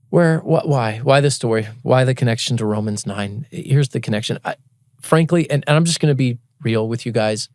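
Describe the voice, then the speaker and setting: A man's voice: medium pitch, creaky, darkish tone, no room sound, studio quality. A male pastor preaching a sermon, telling a story in an earnest, conversational way and laughing at himself now and then.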